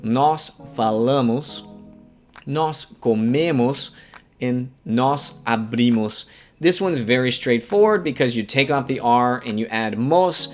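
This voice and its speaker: A man's voice: mid-range voice, expressive, slow. A man from Alabama with a Southern American accent, teaching a beginner language lesson patiently, spelling out words and repeating examples. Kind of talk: scripted beginner grammar lesson. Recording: faint guitar music underneath.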